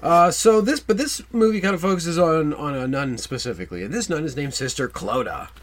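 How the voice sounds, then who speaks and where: A man's voice: on the high side, animated, brisk. A man co-hosting a casual film podcast, joking and playful as he recaps the plot. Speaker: podcast co-host.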